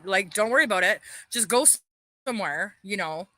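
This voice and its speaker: A woman's voice: mid-range voice, expressive, brisk, pushed and bright, no room sound. A woman ranting bitterly on a livestream, swearing heavily and airing her grievances. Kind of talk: angry livestream rant.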